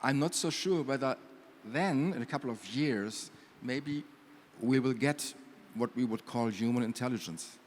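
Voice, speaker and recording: A man speaking as a panelist, measured, with deliberate emphasis on key words. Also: medium pitch. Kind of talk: panel discussion. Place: conference hall. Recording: long hall reverb, faint room noise.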